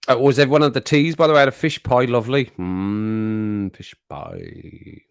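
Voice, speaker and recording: A man's voice: mid-range voice, fairly even intonation, rapid-fire. A middle-aged man with a Birmingham accent hosting a livestream, chatting casually with viewers in a jokey, rambling way. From England. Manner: jokey, rambling, chuckles often. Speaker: livestream host. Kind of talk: casual chat to live chat.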